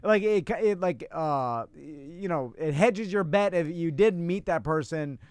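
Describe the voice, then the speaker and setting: A man's voice: on the high side, a little slow, darkish tone, clean tone, no echo. A man co-hosting a podcast in casual chat, laughing often and rambling with lots of "yeah, yeah". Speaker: podcast co-host.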